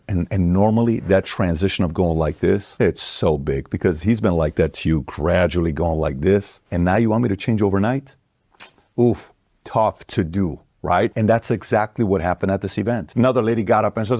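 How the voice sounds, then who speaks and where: A low-pitched man lecturing his viewers, forceful and full of rhetorical questions. He is recorded close with a dry, deadened sound, and his voice swings between brisk points and slower stresses. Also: vocal fry, dry recording. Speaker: commentator. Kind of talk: opinionated monologue to camera.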